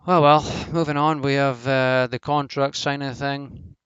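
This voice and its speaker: A man's voice: mid-range voice, flat delivery, measured pace, a bit bright, clean tone, no echo, muffled recording. A man giving a casual, rambling review of a wrestling show, blunt and swearing freely, with lots of fillers.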